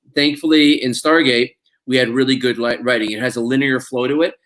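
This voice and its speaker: A man's voice: mid-range voice, fairly even intonation, brisk, a bit bright. A man, an actor guest in an interview, chatting casually with plenty of fillers and restarts and frequent laughs. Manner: rambling, many fillers and restarts, laughs often.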